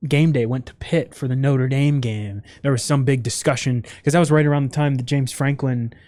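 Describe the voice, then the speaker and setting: Mellow man chatting with restarts. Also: medium pitch, steady tone, fairly quick, dry recording, clean studio sound. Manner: hesitant, many restarts and fillers. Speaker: podcast co-host. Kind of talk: casual sports chat.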